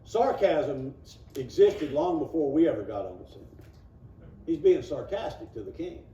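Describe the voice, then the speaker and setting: A man teaching a casual Bible class, reading verses aloud and breaking into quick impressions of the people in them. His voice sits a little high but sounds mellow. He is heard from across an echoing church room. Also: expressive, a little hiss or hum. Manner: folksy, acts out the people he quotes; reads scripture aloud, then explains it. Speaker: Sunday school teacher. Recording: roomy, distant, dull room recording.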